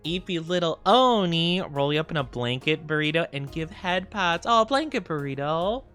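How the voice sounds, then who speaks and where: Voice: medium pitch, expressive, moderate pace, fairly bright tone, faint music behind. A VTuber streamer in a casual, playful livestream chat, greeting viewers and rambling with giggles and fillers.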